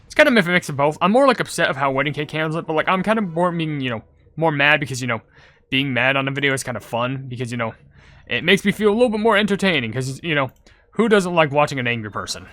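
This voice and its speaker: A man doing casual gaming commentary, rambling with lots of "like" and "you know", turning loud and excited over game pulls. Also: a little high, fast talker, dry recording. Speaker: gaming YouTuber.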